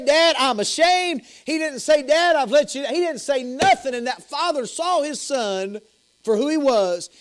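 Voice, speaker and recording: A man with a Southern US accent preaching an evening sermon as pastor, impassioned, repeating and restarting phrases. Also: very high voice. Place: church sanctuary.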